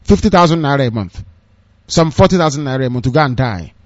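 A man's voice: medium pitch, expressive, fast, no room sound. A man with a Nigerian accent giving a scornful, impassioned rant of political news commentary, with sarcastic asides. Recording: dull, dry lo-fi recording.

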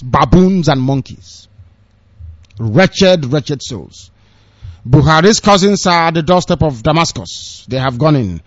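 Nigerian-accented male commentator, fairly high voice, scornful and fiery, dull lo-fi recording. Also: lively intonation, takes it slowly, no room sound. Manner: impassioned, scornful, sarcastic asides. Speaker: political commentator. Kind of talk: ranting news commentary.

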